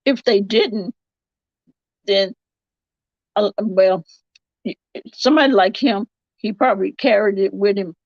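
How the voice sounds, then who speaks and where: A woman with a drawl talks slowly through a casual livestream, her voice gravelly with a lot of fry. She rambles and backtracks as she comments. The sound is dry and slightly dull, like lo-fi stream audio. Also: mid-range voice, no echo. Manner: rambling, drawn-out, self-correcting. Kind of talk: casual live-chat commentary.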